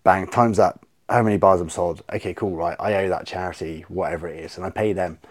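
A man chatting on a podcast as a guest, telling stories in a rambling, animated way with lots of fillers. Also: sits low, fast talker. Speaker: podcast guest, soap brand owner. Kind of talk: casual podcast chat.

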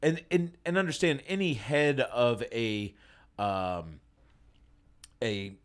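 A man's voice: mid-range voice, slow pace. A man in casual political chat among friends, sarcastic and rambling, often restarting his sentences.

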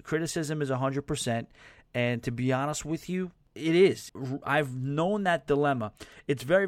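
A man hosting a podcast in casual chat, with a softened New York accent, rambling and correcting himself as he answers listener emails. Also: medium pitch, dry recording. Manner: rambling, self-correcting, conversational. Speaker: podcast host.

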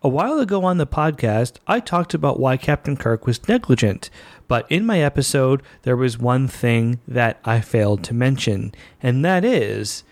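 Excitable man hosting a fan podcast. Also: mid-range voice. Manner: excitable, chatty, playful. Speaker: podcast host. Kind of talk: enthusiastic fan podcast monologue.

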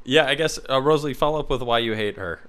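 A man's voice: medium pitch, quick pace, fairly bright tone, clear, resonant tone. A man co-hosting a podcast in casual chat, rambling with lots of fillers and restarts. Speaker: podcast co-host.

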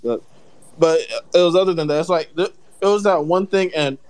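A man's voice: fairly high pitch, fairly quick, a little mellow, clean tone. A man co-hosting a casual podcast chat, giving blunt opinions with lots of restarts. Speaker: podcast co-host.

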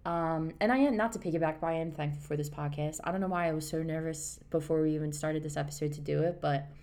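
A woman's voice: deep voice, fairly even intonation, fast talker, mellow. A woman in her thirties co-hosting a casual podcast, rambling and earnest as she reassures listeners. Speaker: podcast co-host. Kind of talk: casual chat.

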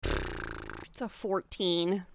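A woman playing a tabletop game, lively and chatty. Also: lowish voice, drawn-out words, vocal fry, a little hiss or hum. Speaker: player.

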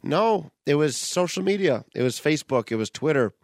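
Gravelly guy on a podcast, dry close mic, swears a lot, laid back. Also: on the high side, animated, moderate pace, a little mellow, dry recording. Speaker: podcast co-host. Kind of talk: casual chat.

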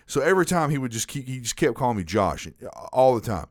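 A man hosting a podcast, telling a story in a casual, animated way with frequent repeats. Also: medium pitch, fast talker, no echo, studio quality. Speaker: podcast host.

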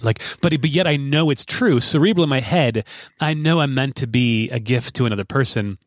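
A man's voice: mid-range voice, brisk, no echo. A man in his thirties hosting a podcast, telling a long story in a rambling, self-deprecating way with many restarts. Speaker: podcast host. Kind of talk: casual podcast chat.

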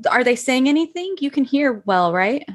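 A woman's voice: high voice, big pitch swings, moderate pace. A woman playing in a tabletop game, chatting in a playful way and laughing often. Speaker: player. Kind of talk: casual tabletop game chat.

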